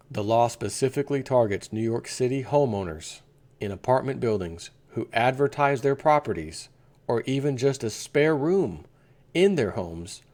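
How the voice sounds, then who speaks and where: A man hosts an opinion vlog and rants indignantly. He talks in a rambling way, and his voice sits at an ordinary middle pitch. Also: a little mellow. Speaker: vlogger host.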